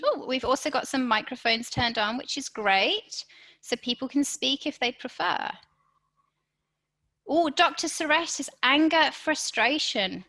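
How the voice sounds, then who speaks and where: A woman's voice: sits high, measured pace, bright, forceful tone, poor audio. A woman presenting a live online workshop, encouraging and speaking straight to her audience, often checking in with "okay?". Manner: encouraging, addresses audience directly with frequent "okay?". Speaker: webinar presenter.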